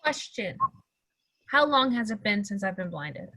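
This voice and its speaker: Woman player, bright bouncy voice, bit breathy, quizzing the rules. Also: medium pitch, very animated, unhurried, no room sound. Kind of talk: casual tabletop play.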